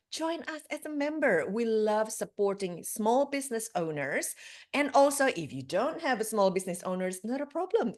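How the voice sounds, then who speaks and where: A woman from Indonesia, hosting a podcast interview in a chatty, upbeat way and laughing often. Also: fairly high pitch. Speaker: podcast host.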